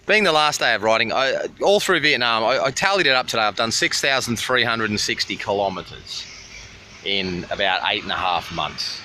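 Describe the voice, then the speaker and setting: A man's voice: lowish voice, expressive, normal speed, bright, forceful tone. An Australian man vlogging casually at a busy roadside, swearing freely and rambling through a story into a handheld camera. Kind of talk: casual roadside travel vlog. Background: faint passing traffic.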